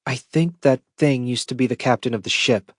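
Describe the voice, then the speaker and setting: A man's voice: medium pitch, normal speed, no room sound, studio quality, natural voice. A male audiobook reader voicing a tense woman on a starship, speaking in urgent, clipped lines. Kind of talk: audiobook character voice.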